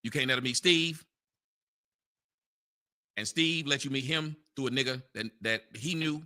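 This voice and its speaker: Loud, mocking man ranting. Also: mid-range voice, normal speed. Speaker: show host. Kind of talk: heated online audio rant. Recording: online voice chat.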